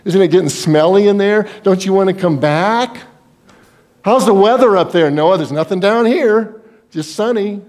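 A man's voice: sits high, normal speed, a little mellow, voice pushed up, lightly acted. A man preacher voicing a jeering man in a crowd who taunts with sarcastic questions. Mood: taunting.

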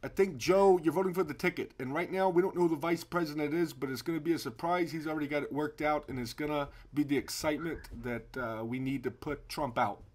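A man making a prank phone call, talking haltingly with many fillers and restarts. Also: a little high, fairly even intonation. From New York. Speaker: prank caller.

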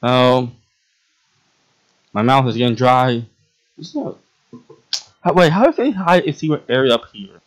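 Young guy playing a game and doing roleplay, laughs a lot, super bouncy pitch, rambles with lots of um. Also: animated, measured pace, pauses often. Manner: giggly, rambling, voices many characters. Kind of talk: casual roleplay gameplay chat.

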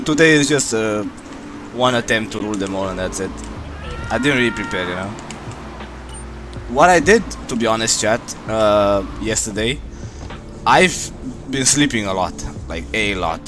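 Rambling low-voiced man from Romania. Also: normal speed, long pauses. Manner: relaxed, rambling, many fillers. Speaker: streamer. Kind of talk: casual chat with viewers. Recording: music playing behind.

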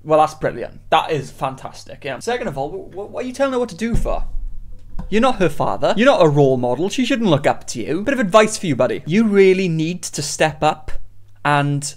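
A man hosting a reaction commentary, sarcastic and ranting, breaking into laughter often. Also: a little high. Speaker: commentary host.

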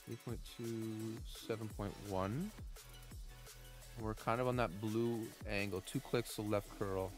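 A middle-aged man, chatting with his live chat while giving game commentary, swinging from calm tips to loud outbursts. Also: on the low side, unhurried, soft background music. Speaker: gaming livestreamer.

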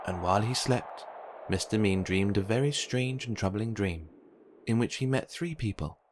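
A man reading a children's picture book aloud with gentle, expressive storytelling. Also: lowish voice, moderate pace, a little hiss or hum. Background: faint background music.

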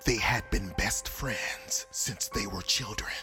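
A woman tells an animated story in a hushed, breathy whisper. Her voice sits very low and moves slowly. Music plays clearly underneath. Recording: music playing behind.

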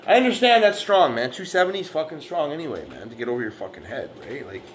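Guy ranting and trash talking, cussing every other word, kinda high pitched, faint hiss in the back. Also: very animated, fast talker. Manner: boastful, aggressive, profane trash talk; argumentative, repeating "man" and "right". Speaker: fitness vlogger. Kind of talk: profane reaction rant.

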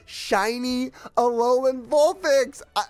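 A man commentating on his gameplay at home, with his children beside him, often bursting into joyful shouts. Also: very high-pitched, fairly even intonation, takes it slowly. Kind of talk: casual let's-play commentary.

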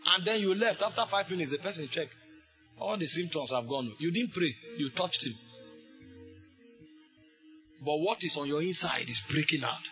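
Male preacher, fairly high, forceful bright tone, fervent sermon with shouted bursts, soft music behind. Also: animated, brisk.

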